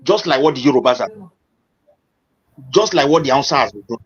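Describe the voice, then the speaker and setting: A man calling into a live debate, making a deliberate, speech-like case. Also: mid-range voice, expressive, slightly rough. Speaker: caller. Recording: dull lo-fi call audio.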